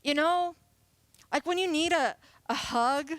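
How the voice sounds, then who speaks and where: Her voice sits high and a bit bright, and she speaks a little slowly in a dry, echo-free recording. She's a woman in her late twenties, a youth pastor giving a chatty, playful sermon full of laughter.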